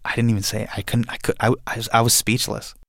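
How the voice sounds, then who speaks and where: A young man from India telling a personal story in a lively, animated way, acting out the quotes. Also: lowish voice, fast talker, vocal fry, dry recording, studio quality.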